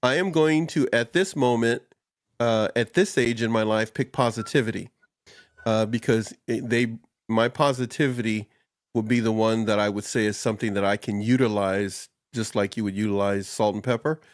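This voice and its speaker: A man co-hosting a casual chat over a video call, easygoing and quick to joke and laugh. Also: lowish voice, steady tone, dry recording, studio quality. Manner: easygoing, jokey, laughs often.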